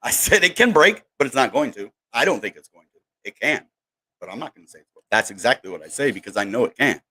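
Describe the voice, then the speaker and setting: Talking fast in a sing-song, bright, forceful voice of medium pitch, a man runs a crypto channel livestream. The crypto YouTuber's casual chat rambles, stuffed with fillers and asides, as he welcomes people from the chat.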